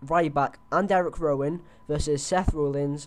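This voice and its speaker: Young guy rambling on a headset, voice sits a bit high, lots of ums and restarts. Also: normal speed. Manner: rambling, chatty, many fillers and restarts. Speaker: host. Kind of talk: casual wrestling predictions chat.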